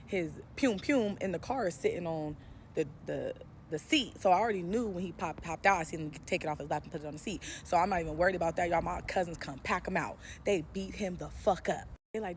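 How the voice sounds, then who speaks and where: A woman's voice: lowish voice, fairly quick, slight background noise. A woman vlogger telling a dramatic, profane true story in a story-time vlog.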